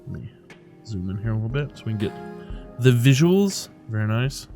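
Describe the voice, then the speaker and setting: A man hosting a Let's Play, chatting casually in a relaxed way while playing and reading the game text aloud. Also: fairly low pitch, a little fast, soft background music. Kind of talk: casual gameplay commentary.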